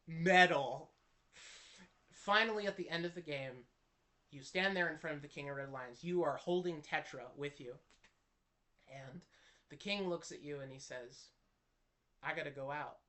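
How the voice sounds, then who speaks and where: A man's voice: on the high side, unhurried, pauses often, bright, forceful tone. A man telling a personal story to camera in an earnest, impassioned way, often restarting his sentences. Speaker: Christian video creator.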